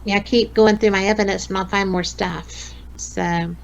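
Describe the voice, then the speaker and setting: A woman in her late fifties with a Southern US accent, a radio host chatting as a podcast guest, folksy and quick to laugh. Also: mid-range voice, fairly even intonation, gravelly, lo-fi sound, slight background noise. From American South. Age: 50s. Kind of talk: casual interview chat.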